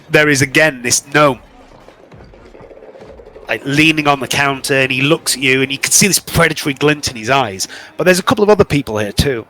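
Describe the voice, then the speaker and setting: A man's voice: medium pitch, sharp tone, low-quality recording. A man narrating a tabletop game as game master, chatty and casual with many fillers.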